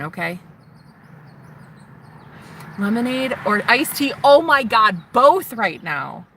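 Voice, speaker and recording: Her voice is a little high, sing-song and fairly bright, and she speaks slowly. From a parked car, the young woman rambles casually in a confessional vlog, tearful and talkative, at times whispering, while traffic makes the recording noisy.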